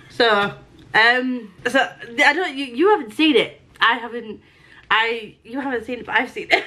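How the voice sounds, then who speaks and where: A woman book vlogger chatting casually through a mail unboxing, gushing and excitable, with casual swearing. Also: a little high, a little hiss or hum. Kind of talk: casual unboxing and reading vlog.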